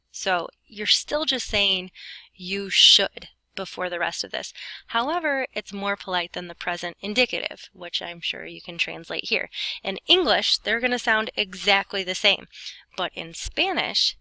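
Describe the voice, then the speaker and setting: A woman's voice: mid-range voice, sharp tone, no echo, rough recording. A young adult woman giving a recorded Spanish lesson, explaining grammar in a chatty way with playful asides. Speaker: Spanish teacher. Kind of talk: recorded lesson narration over notes.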